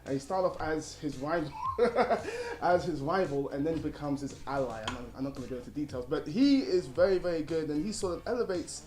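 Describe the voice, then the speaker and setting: A young man giving an animated, rambling film review, often laughing. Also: a little high, brisk, hardly any pauses, roomy sound, slight background noise. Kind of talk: casual film review chat.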